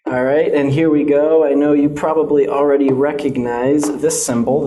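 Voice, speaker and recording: An American man with a warm, steady, mid-range voice speaks a little slowly while demonstrating vowel sounds in a classroom pronunciation lesson. After nearly every point, he asks "okay?"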